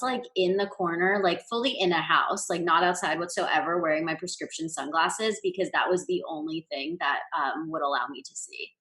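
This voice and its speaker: A woman's voice: lowish voice, pushed and bright. A woman co-hosting a podcast in casual chat, talking freely with many fillers and easy laughs. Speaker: podcast co-host. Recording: roomy echo.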